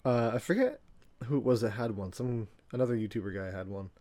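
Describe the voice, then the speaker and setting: A man's voice: medium pitch, fairly quick, warm tone. A man guesting on a podcast, chatting casually about cars and laughing along easily. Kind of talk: casual car chat.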